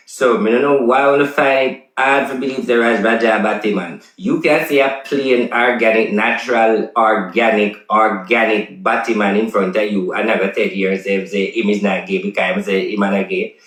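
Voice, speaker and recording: A man's voice: mid-range voice, a bit bright, echoey room, low-quality recording. Emphatic Jamaican man ranting. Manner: insistent, repetitive, emphatic. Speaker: self-styled prophet vlogger. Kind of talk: casual ranting commentary.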